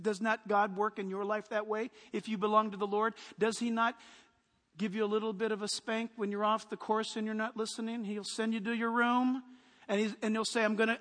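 A man preaching a sermon as a pastor, forceful and punchy, with quick lists and asides. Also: high voice, long reverb tail.

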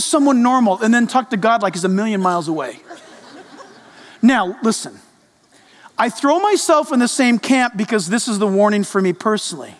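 A male pastor preaching a sermon in a church, animated and speaking directly to the congregation. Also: sits high, normal speed, a little hiss or hum. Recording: echoey reverb of a large hall.

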